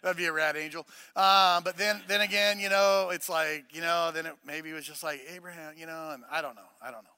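A man preaching a sermon, mixing casual joking asides with loud, emphatic preaching. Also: on the high side, a little fast, hardly any pauses, smooth, no room sound. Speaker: pastor.

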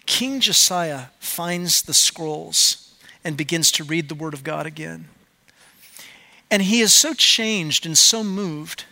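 A man preaching with a high, bright voice. He is middle-aged, and he swings from loud, emphatic urging to soft, confiding storytelling. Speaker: pastor. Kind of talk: sermon.

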